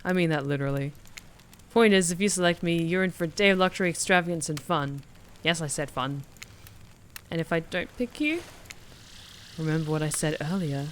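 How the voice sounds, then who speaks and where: A woman voicing a gruff, brooding male killer in a dating game, speaking low and menacing. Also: fairly quick, a little hiss or hum, close to an everyday voice.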